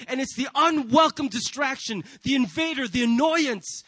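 Male pastor, sermon delivery, high voice, dry recording, rhetorical and animated in acted asides. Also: normal speed, hardly any pauses, husky, dry recording, rough recording. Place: church.

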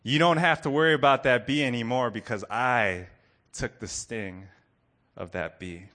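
A man voicing a calm father who quietly reassures his young son. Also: medium pitch, moderate pace, natural voice. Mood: tender.

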